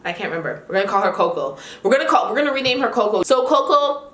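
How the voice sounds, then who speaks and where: A woman's voice: fairly high pitch, big pitch swings, fast talker, fairly bright tone. A young woman vlogger telling a heated, indignant story in a casual way. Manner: heated, indignant retelling with quoted dialogue. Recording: echoey room.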